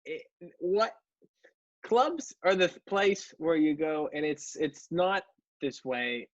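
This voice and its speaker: Reflective man, slightly high voice. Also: lively intonation, slow, no echo, lo-fi sound. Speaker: podcast host, comedian. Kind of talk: casual podcast chat.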